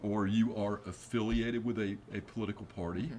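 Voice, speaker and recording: An attorney appears as a guest on a studio news interview, explaining the law in a fairly low, darkish voice with fairly even intonation at normal speed. He works through his points with frequent fillers and restarts, and a faint hiss runs under the recording.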